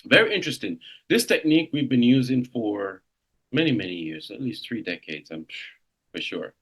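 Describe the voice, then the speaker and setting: A man in his fifties leads a motivational coaching session for real estate agents. His mid-pitched voice rises and falls widely. He speaks with an animated, exclamatory energy. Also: normal speed, slightly rough. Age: 50s. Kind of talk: coaching seminar.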